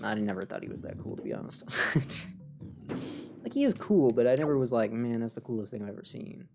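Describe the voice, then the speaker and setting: A man streaming a game live, commenting excitedly and in mock outrage as he talks to his chat. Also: mid-range voice, brisk, creaky. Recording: game music behind voice. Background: game music.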